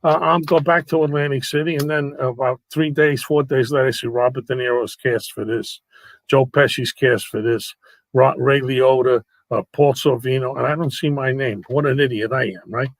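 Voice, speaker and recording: A man's voice: mid-range voice, steady tone, normal speed, no room sound, poor audio. A man, a guest entertainer telling brash, comic show-business stories with salty language over a video call. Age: 80s. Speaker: guest, actor and nightclub entertainer. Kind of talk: anecdotal storytelling.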